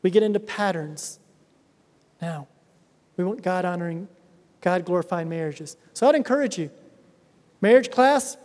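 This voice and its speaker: A middle-aged male pastor with a notably high voice delivers an earnest sermon, leaning on emphatic repetition. His words ring out with a long reverb, as if filling a large church sanctuary. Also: darkish tone. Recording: reverberant hall sound.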